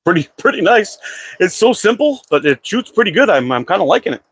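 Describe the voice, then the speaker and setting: A man's voice: high-pitched, big pitch swings, fairly quick, husky, no room sound. A man hosting a casual live-stream chat about slingshots, talking in a laid-back, rambling way with lots of "uh" fillers. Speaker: slingshot channel host. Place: at home.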